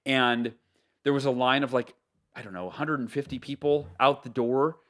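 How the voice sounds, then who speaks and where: A man from the United States, an author, telling stories as a podcast guest in an animated way, with lots of fillers and restarts. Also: medium pitch, normal speed. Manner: animated, loose talk with many fillers and self-corrections. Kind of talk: casual storytelling interview.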